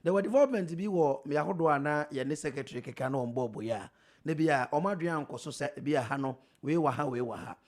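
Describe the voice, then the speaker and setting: A man with a Ghanaian accent hosting a political talk show, putting quick questions to his guest in English and Twi. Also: a little high, expressive.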